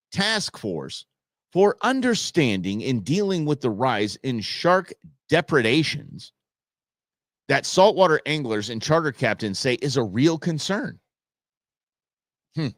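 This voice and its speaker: A man's voice: mid-range voice, fairly bright tone, dry recording, studio quality. A man hosting a live show, ranting casually and sarcastically, often stammering and repeating words as he goes. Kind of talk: casual livestream rant.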